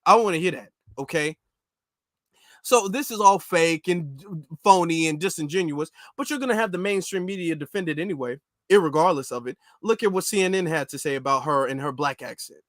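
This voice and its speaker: A man's voice: a little high, a little fast, fairly bright tone, no echo, studio quality. A man hosting an opinion commentary show, reacting to clips in an indignant, emphatic way and repeating his points. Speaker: commentary channel host.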